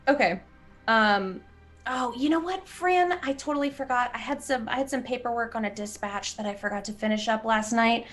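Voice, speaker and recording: A woman's voice: fairly high pitch, moderate pace, a bit bright, soft background music. A woman taking part as a player in a tabletop role-play, chatting in a friendly, casual way in character.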